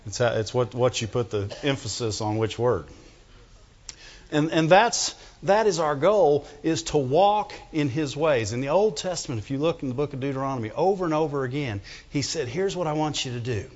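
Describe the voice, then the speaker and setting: A middle-aged male pastor preaching a sermon, animated and joking, often asking the congregation for amens. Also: medium pitch, moderate pace. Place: church. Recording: dull sound with long hall reverb.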